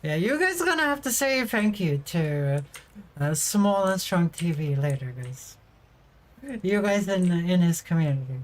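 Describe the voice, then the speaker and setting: A woman's voice: lowish voice, sing-song, moderate pace, rough recording. A young adult woman livestreaming as a VTuber, chatting casually and giggling as she reads and answers her viewers' messages.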